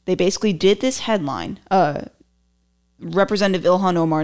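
A woman's voice: fairly low pitch, a little fast, a little mellow. A woman hosting her own podcast, chatting through political commentary in a rambling, self-mocking way with joking asides. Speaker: podcast host.

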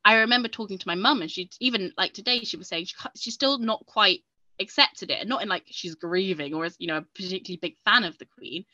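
A woman co-hosting a podcast, chatting casually and telling stories with energy, acting out what she shouted. Her voice is bright and forward. The sound is close and dry, with a slightly muffled, lo-fi tone. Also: mid-range voice, fast, dry recording. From England. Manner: animated storytelling, acting out her own shouts. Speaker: podcast co-host. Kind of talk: casual chat.

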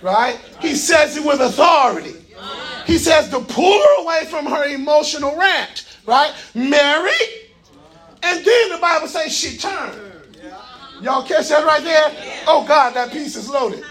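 A male pastor preaching a sermon in a fervent call-and-response style, often shouting and coaxing the congregation with folksy asides. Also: very high voice, lively intonation, measured pace, low-quality recording. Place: church sanctuary with congregation.

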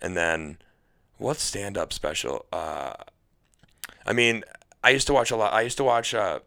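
Young guy comedian rambling on a podcast, lowish voice but bright and forceful, lots of likes. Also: unhurried, creaky. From Cleveland, Ohio. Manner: rambling, full of "like" and restarts, laughing. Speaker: comedian guest. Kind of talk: casual podcast chat.

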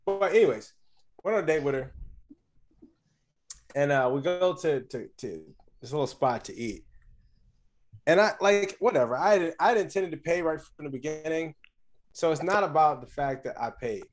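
A man co-hosting a casual podcast, swearing freely as he tells stories in an animated way. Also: fairly high pitch, normal speed, long pauses. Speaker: podcast co-host. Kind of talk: casual chat.

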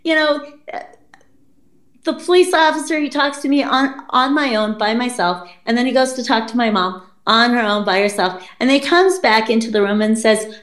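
A podcast guest tells a personal story in a fairly high voice at a moderate pace. She's casual, blunt and profane, swearing often and quoting people in lively put-on voices. The recording has a roomy echo.

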